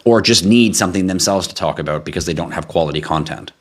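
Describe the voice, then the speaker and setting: A man's voice: deep voice, quick pace. A man hosting a casual live stream, reading out viewer questions and answering them in a blunt, offhand, joking way.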